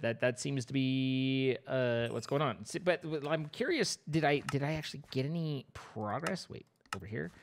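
A young adult streamer giving playful, rambling live commentary over a game, breaking into squeals of mock panic. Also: mid-range voice.

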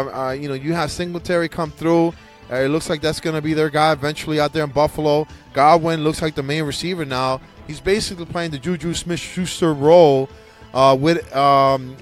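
A man hosting a casual podcast, ranting in a rambling, profane way with frequent restarts. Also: on the high side. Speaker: podcast host.

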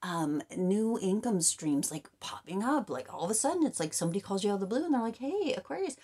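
A woman giving an excited tarot reading, gushing and repeating herself, often dropping into breathy whispers and running out of breath. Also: medium pitch, quick pace. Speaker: tarot reader.

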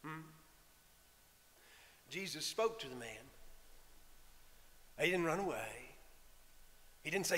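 A man, a priest preaching a sermon, telling the story in a lively way and talking straight to the congregation. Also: a little high, slow, pauses often. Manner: animated storytelling with asides to the congregation. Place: church. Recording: long church reverb.

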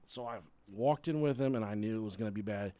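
A man hosting a podcast, telling a crude, animated story casually with frequent laughter. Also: lowish voice, fast, dry recording. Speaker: podcast host.

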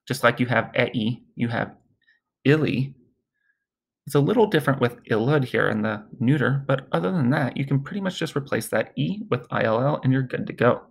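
Gravelly-voiced male Latin teacher. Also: medium pitch, moderate pace. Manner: relaxed, chatty explanations with chanted drills. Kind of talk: recorded classroom lesson.

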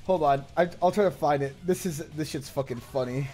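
A man chatting casually on a livestream, excitable and profane, laughing often. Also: on the high side, a little fast, soft background music. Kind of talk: casual stream chat.

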